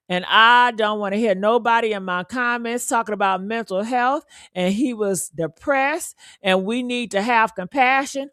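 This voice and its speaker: A woman hosting a live stream, giving true crime commentary in a loud, profane, emphatic way, repeating lines for effect and urging viewers to like the video. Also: a little high, normal speed, hardly any pauses, no room sound, studio quality. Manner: coaxing viewers for likes.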